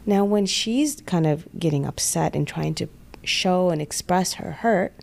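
A woman with a fairly low, gravelly voice, talking through relationship problems in an earnest way. She slips into quick little impressions of husband and wife as she explains, in a podcast conversation. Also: a little mellow. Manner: earnest, acts out spouses' voices in quick asides.

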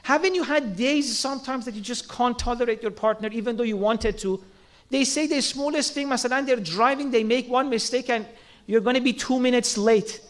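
A man's voice: very high voice, fairly quick. A man giving an earnest sermon, asking rhetorical questions and acting out quoted lines. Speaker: religious speaker.

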